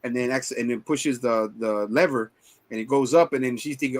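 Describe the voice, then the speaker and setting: Retelling movie scenes in quoted voices, a forties-aged male podcast co-host rambles and swears through a casual review chat. He talks at normal speed in a mid-range, slightly mellow voice.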